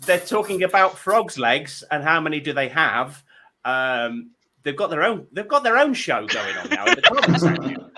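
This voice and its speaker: A man's voice: a little high, sing-song, normal speed, background noise. A man hosting a comedy panel show, telling rambling self-deprecating stories full of stammered restarts.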